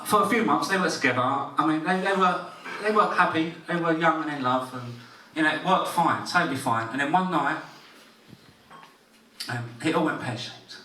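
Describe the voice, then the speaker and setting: A man's voice: a little high, normal speed, sharp tone, distant mic, a little hiss or hum. A man doing a crude, swearing stand-up story set in a comedy club. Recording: roomy club audio, laughing crowd.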